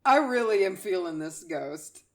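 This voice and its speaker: A woman's voice: on the low side, animated, measured pace. A woman co-hosting a podcast, chatting casually with short reactions and playful asides. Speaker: podcast co-host. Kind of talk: casual chat.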